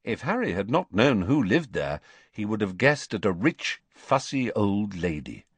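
A man narrating a fantasy novel in a measured, expressive way. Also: on the low side, husky, dry recording. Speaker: audiobook narrator. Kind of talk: scripted narration.

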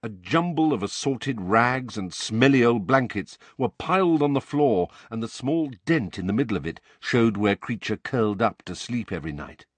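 A man narrating an audiobook with expressive, animated storytelling. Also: mid-range voice, no echo. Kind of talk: scripted narration.

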